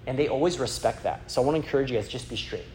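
A man's voice: mid-range voice, racing, darkish tone, a little hiss or hum. A man giving a chatty teaching talk on sharing faith, full of fillers and acted-out quotes from a personal story. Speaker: youth evangelism speaker.

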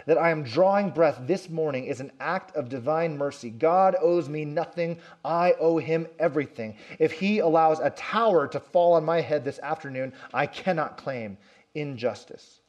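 A pastor preaching a sermon, telling a story and acting out quoted lines with rising and falling emphasis. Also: male voice, a little high, moderate pace, a little mellow, muffled recording.

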